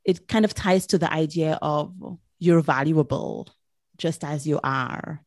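A woman host with a very low voice asks thoughtful, measured questions. Her voice is recorded close and dry. It sounds like an interview podcast. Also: darkish tone, no echo.

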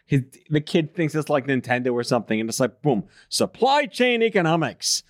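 A man hosting a podcast in casual chat, joking and tossing in quick quips. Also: a little high, animated, dry recording, clean studio sound. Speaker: podcast host.

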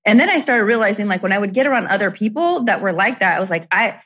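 A woman's voice: mid-range voice, lively intonation, fast, fairly bright tone. Chatty middle-aged woman telling stories. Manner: chatty, peppered with "like" and "you know, right?". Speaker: guest. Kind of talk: casual conversational storytelling.

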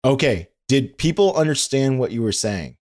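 A man's voice: mid-range voice, normal speed. Enthusiastic male podcast host. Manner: energetic, enthusiastic, filler "like". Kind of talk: casual interview hosting.

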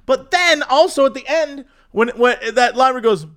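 Speaking at a moderate pace in a very high-pitched voice, this co-host tells stories with lots of energy and keeps laughing throughout the easygoing podcast chat.

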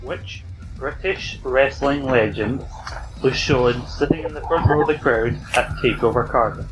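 A man's voice: mid-range voice, a little slow, over music, poor audio. Man hosting a podcast quiz. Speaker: quiz host.

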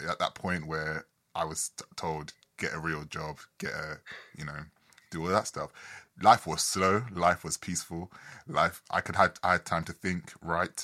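A man's voice: low voice, pushed and bright. A man hosting a casual conversation, rambling and reflective with frequent restarts. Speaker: podcast host.

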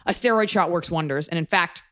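A woman's voice: on the low side, fairly quick, a bit bright. A woman in her thirties hosting a podcast, chatting casually in a rambling, self-deprecating way. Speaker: podcast host and comedian.

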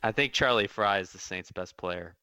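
Man, lowish voice, bright sharp tone, wry, dry sound. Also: normal speed, clean tone, dry recording. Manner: wry, jokey, mock-quoting people. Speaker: podcast co-host. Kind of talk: casual sports rewatch chat.

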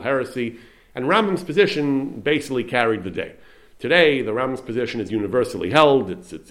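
Male lecturer, low-pitched, thoughtful, with frequent restarts; teaches with Hebrew quotations. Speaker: Torah teacher. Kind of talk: lecture on Jewish theology.

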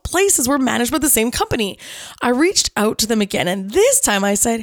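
A woman in her forties, a podcast host, telling a personal story in a playful, animated scripted narration. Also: on the high side, normal speed, no echo, clean studio sound. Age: 40s.

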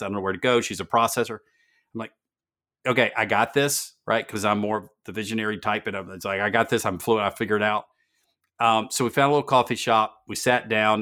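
A man's voice: lowish voice, a bit bright. A man hosting a business podcast, telling stories earnestly and repeating words for emphasis. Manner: earnest storytelling, emphatic repetition. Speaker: podcast host.

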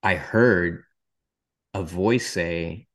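Guy hosting a podcast, lowish voice, earnest candid testimony, bit self-deprecating. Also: drawn-out words. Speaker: podcast host. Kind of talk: personal testimony storytelling.

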